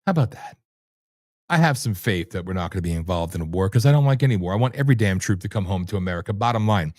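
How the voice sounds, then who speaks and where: A man hosting a livestream, delivering loud, brash, sarcastic commentary laced with profanity. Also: fairly low pitch, animated, fast talker, no echo, clean studio sound. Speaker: livestream host. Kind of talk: ranting commentary.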